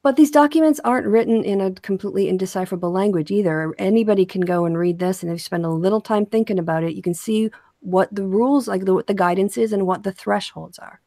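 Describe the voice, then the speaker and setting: A woman's voice: medium pitch, fast, hardly any pauses, mellow, no room sound. An American woman co-hosting a casual talk show, chatting and laughing easily, and reading a court statement aloud. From United States. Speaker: podcast co-host. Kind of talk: casual chat.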